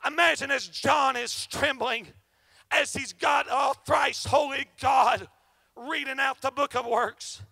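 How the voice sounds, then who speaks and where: A fervent male preacher delivers a revival sermon in a strikingly high, bright voice with a gravelly rasp. He swings from shouted outbursts to hushed, dropped passages. The sound is dry and close. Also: fairly even intonation, slow pace, no room sound.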